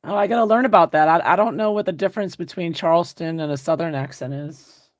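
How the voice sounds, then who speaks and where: A woman's voice: fairly low pitch, quick pace. A woman hosting an art livestream, chatting casually and answering viewer comments while she paints, often laughing.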